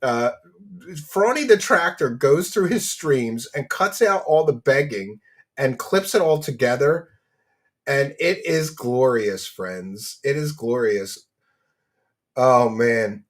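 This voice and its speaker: A man's voice: mid-range voice, expressive, takes it slowly. A man hosting a casual commentary stream, mocking his subject, laughing often and thanking donors by name.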